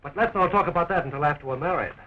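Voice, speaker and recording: A man's voice: on the high side, racing, lightly acted. An actor playing a joking young man who fights to free his sweetheart, in early talkie film style, with a dull, scratchy 1920s film sound.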